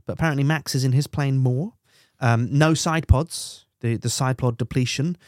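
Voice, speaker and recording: A man's voice: medium pitch, moderate pace, darkish tone, no echo, studio quality. A man co-hosting a podcast in casual chat, running through results with jokes. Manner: jokey, runs through race results with silly voices. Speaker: podcast co-host.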